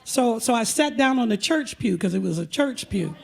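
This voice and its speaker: A woman hosting and telling a comic personal story live on stage at a museum auditorium, animated and full of breathless asides. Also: fairly high pitch, moderate pace, vocal fry. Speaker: storyteller and host.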